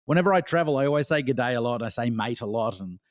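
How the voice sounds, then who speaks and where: A man's voice: medium pitch, lively intonation, very fast, no room sound, clean studio sound. An Australian man chatting as a podcast guest, talking with a laugh in his voice. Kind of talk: casual chat.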